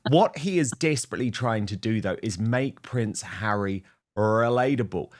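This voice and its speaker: A man's voice: fairly low pitch, lively intonation, normal speed. A man hosting an opinionated talk show, conversational, with fillers. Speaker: show host.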